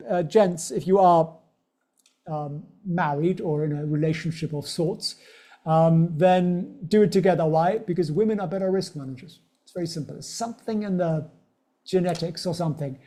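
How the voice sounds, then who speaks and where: Chatty man teaching trading live, mellow voice. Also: high-pitched, normal speed. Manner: chatty and joking, speaking straight to viewers. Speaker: stock trading educator hosting a livestream. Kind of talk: casual livestream teaching.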